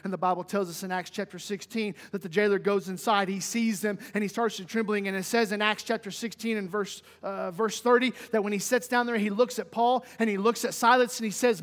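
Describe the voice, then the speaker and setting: High-voiced preacher in a reverberant church. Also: male voice, fairly even intonation, a little fast, hardly any pauses. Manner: emphatic preaching, rising loud for quotes, dropping quiet at the close. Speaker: pastor. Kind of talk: sermon. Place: church sanctuary. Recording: long reverb of a church hall.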